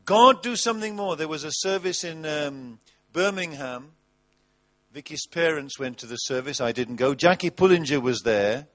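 A man delivers a sermon in a high voice. He is animated, mocks with put-on voices, and moves between loud bursts and soft asides. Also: normal speed. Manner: animated, mocking with put-on voices, wide swings in loudness. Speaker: pastor.

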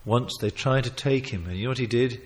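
A man preaching a sermon, emphatic, with sudden loud swells, quiet asides and chuckles as he tells stories. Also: mid-range voice, brisk. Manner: chuckles while telling stories.

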